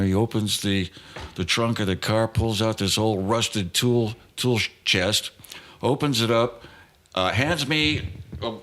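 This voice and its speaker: Older man telling animated stories. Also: lowish voice. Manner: animated, acts out the voices of people in his stories. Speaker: guest guitarist. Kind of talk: casual storytelling.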